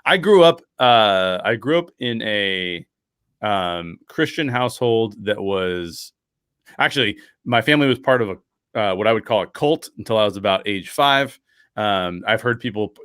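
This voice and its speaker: A man's voice: lowish voice, moderate pace, smooth, dry recording, clean studio sound. A man chatting as a guest on an interview podcast, telling a personal story with lots of restarts and acting out what others said. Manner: animated storyteller, acts out quoted dialogue; many fillers and restarts, frequent laughs.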